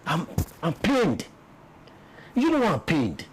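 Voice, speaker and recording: With huge pitch swings in a fairly high voice, the Nigerian-accented man speaks at normal speed, delivering heated, emphatic political commentary as an interview guest and peace commission official, repeating words as his points build. The rough recording has a little hiss or hum.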